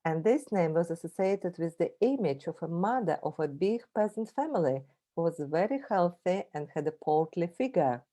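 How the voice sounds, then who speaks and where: Russian-accented woman with a low, mellow voice. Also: expressive. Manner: friendly, explains slowly, drills words by repeating them. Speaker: presenter and language teacher. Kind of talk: informal travel presentation with mini language lesson.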